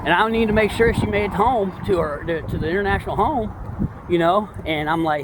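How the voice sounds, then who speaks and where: A man in casual, rambling commentary, excitable and slangy, full of digressions. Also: high voice, brisk, background noise. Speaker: true-crime commentator.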